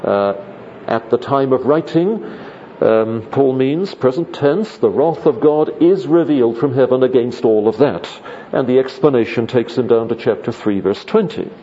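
Male Bible teacher, orderly lecture delivery with ums, mellow tone, muffled lo-fi tape with light hiss. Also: medium pitch. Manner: methodical, measured, with frequent ums and uhs. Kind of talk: lecture on scripture. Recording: dull lo-fi recording with faint hiss.

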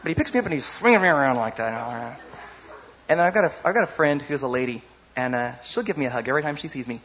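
A man preaching a sermon in a lively, conversational way, often asking the audience "you know?". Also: medium pitch, quick pace, muffled recording, slight background noise.

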